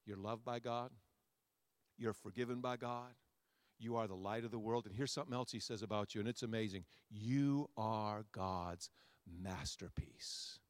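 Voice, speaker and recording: A man, a pastor, preaching a sermon to his congregation, with a repetitive, rousing cadence that swings between loud soaring lines and quiet asides. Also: mid-range voice, steady tone, brisk, no echo. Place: church sanctuary before a congregation.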